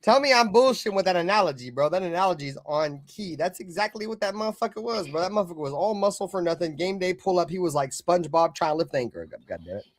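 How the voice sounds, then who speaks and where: A man hosting a live fan stream, ranting with heavy cursing, swinging between loud outbursts and low mutters. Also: fast, hardly any pauses, no room sound. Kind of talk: profane fan rant.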